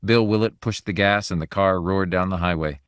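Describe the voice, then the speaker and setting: A man reading a short story aloud in a measured, even audiobook narration. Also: deep voice, smooth, no echo, studio quality. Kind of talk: scripted narration.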